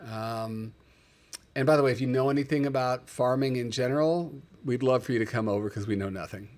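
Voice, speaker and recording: This livestream host has a mid-range, slightly mellow voice and a brisk pace. He chats casually, telling stories with open emotion and greeting his viewers by name.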